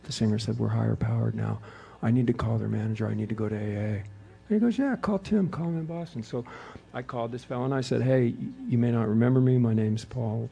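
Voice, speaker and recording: Gravelly-voiced man telling a recovery story. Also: lowish voice, fast talker, highs cut off. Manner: animated storyteller, acts out quoted voices. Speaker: AA speaker. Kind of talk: recovery meeting talk, storytelling. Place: hotel meeting room before an audience.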